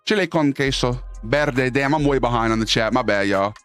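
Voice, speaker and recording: A man chatting loosely on his live stream, reading the chat and jumping into quick silly voices. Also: medium pitch, fairly bright tone, faint music behind.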